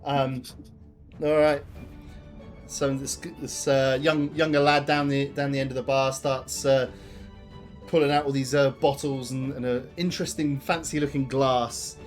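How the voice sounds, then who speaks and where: A man narrating as game master of a tabletop game, rambling with many pauses and restarts. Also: medium pitch, level tone, soft background music.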